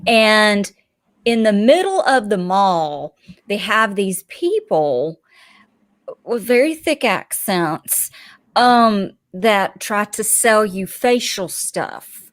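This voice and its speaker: A woman's voice: mid-range voice, slow pace. A woman, co-hosting a podcast and telling a story in casual chat, acting out the people in it. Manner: animated, acts out quoted people mid-story. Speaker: podcast co-host.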